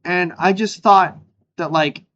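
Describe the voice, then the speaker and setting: His voice sits high and he speaks slowly; the audio is dull, with a bit of background noise. As host of his own show, he rambles casually and jumps excitedly between subjects, using lots of fillers and laughing often.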